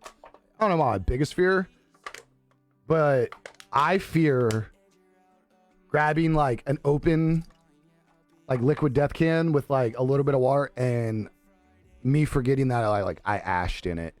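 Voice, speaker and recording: A man's voice: medium pitch, unhurried, long pauses. A young man live streaming, chatting casually with his viewers, laughing often and swearing easily. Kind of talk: casual chat reading viewer comments. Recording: dry close sound with faint music behind.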